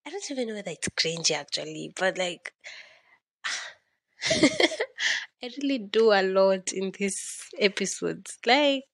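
A woman's voice: medium pitch, expressive, a little slow, gravelly, pauses often, no echo, studio quality. A young woman with a Kenyan accent hosting a casual solo podcast, rambling and dramatic, laughing often. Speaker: podcast host.

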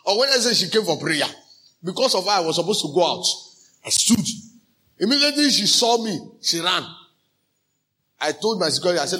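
A male pastor with a Nigerian accent preaching a sermon, slipping into pidgin phrases and breaking into shouted emphasis. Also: on the high side, expressive, normal speed, long pauses.

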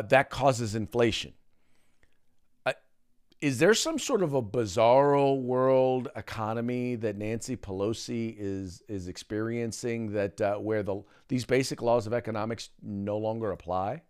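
A man's voice: mid-range voice, smooth. A man hosting a podcast in casual political commentary, making emphatic points with many "uh" fillers and restarts. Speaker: podcast host.

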